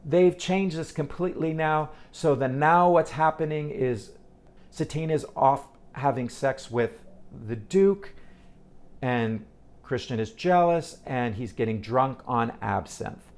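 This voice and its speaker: A man reviewing a stage musical in a casual, animated way, with exasperated asides and quick restarts. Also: medium pitch. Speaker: theater reviewer.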